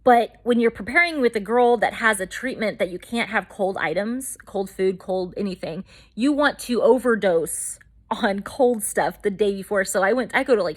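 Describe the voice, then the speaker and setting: A woman vlogger telling her own story in a chatty, rambling way with lots of fillers. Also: mid-range voice. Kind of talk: casual storytelling to camera.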